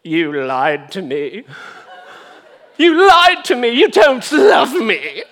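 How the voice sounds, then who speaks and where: A man voicing a scheming woman temptress in a high falsetto with a put-on British accent. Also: huge pitch swings, slow pace, fairly bright tone, heavily acted. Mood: accusing.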